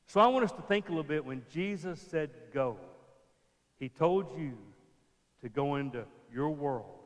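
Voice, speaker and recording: A man preaches in a church, acting out little scenes and then dropping to a near whisper to drive a point home. His voice sits a little high for a man. A long reverb trails behind each line. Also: animated, moderate pace. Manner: acts out scenes, drops to a hushed voice for emphasis. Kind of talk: sermon.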